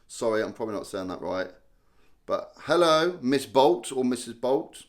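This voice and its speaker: A man's voice: fairly low pitch, lively intonation, normal speed. A young man hosting a casual live stream, chatting and joking as he reads out viewer comments. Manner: chatty, self-mocking, reads viewer names aloud.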